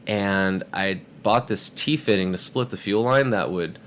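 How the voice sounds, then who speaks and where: A man's voice: fairly low pitch, unhurried, a little hiss or hum. A man telling a story in a casual podcast chat, acting out the voices of people in it. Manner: animated, acts out quoted voices. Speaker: podcast guest.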